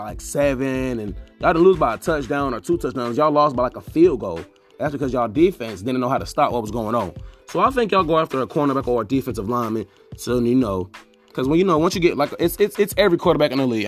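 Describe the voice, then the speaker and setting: A young man hosting a casual solo sports podcast, rambling and talking straight to teams as "y'all" with lots of restarts. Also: medium pitch. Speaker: podcast host.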